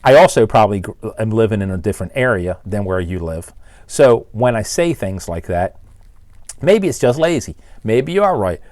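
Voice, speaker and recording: A man's voice: fairly low pitch, animated, moderate pace, darkish tone, no room sound. Baltimore guy in his 60s ranting at his critics, engine shop owner, bouncy up and down delivery. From Maryland, Baltimore area. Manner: blunt, exasperated, ranting. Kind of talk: one-take rant to camera.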